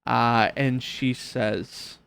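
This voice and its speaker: A man narrating as game master, hesitant and filling pauses with uh and um. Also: medium pitch, steady tone, vocal fry, fairly bright tone, clean tone. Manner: hesitant, lots of uh and um.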